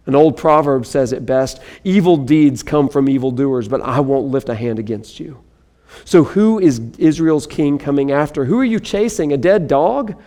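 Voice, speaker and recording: Lively male preacher, slightly high voice. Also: long reverb tail. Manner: dramatic scripture reading, casual asides. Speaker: pastor. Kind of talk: sermon.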